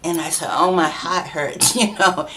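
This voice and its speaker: A woman's voice: fairly low pitch, steady tone, measured pace, a bit bright. A middle-aged woman from Massachusetts, a guest author, telling stories in a chatty way, laughing often and acting out the voices of people she quotes. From New Bedford, Massachusetts, USA. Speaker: guest, children's book author. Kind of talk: casual conversational storytelling.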